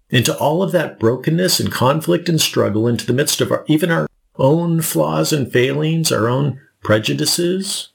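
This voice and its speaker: A man's voice: medium pitch, vocal fry. A male pastor preaching a sermon, explaining scripture with rhetorical asides and questions to the congregation.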